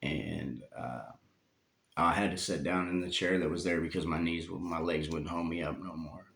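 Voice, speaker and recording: A man with a very low, gravelly voice, telling a painful story from his own life. He speaks haltingly and heavily, with long pauses. The sound comes from a phone in a roomy space with some echo. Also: fairly even intonation, a bit bright. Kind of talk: personal storytelling.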